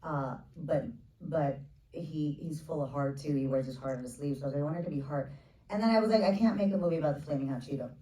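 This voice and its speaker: Heard from afar in a roomy theater, a low-voiced woman in her forties from the United States, a film director, spins animated stories during a relaxed Q&A onstage. Quick asides and impressions of other people's words come with bursts of laughter.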